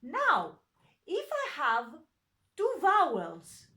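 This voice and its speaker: Slow, patient woman teaching a lesson. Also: high-pitched, huge pitch swings, pushed and bright. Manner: patient, many fillers and self-corrections. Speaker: language teacher. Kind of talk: slow, hesitant online lesson explanation.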